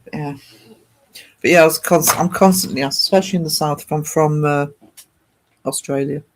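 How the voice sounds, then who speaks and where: Chatty man, slightly high voice. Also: steady tone, moderate pace. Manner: chatty, rambling, reads out viewer comments. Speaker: art livestream host chatting with viewers. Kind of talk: casual livestream chat.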